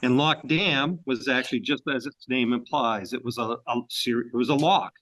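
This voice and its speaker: A man's voice: medium pitch, moderate pace, fairly bright tone, poor audio. Folksy man giving a history talk. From Maine. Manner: folksy, with frequent uh fillers and restarts. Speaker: presenter at a railroad club.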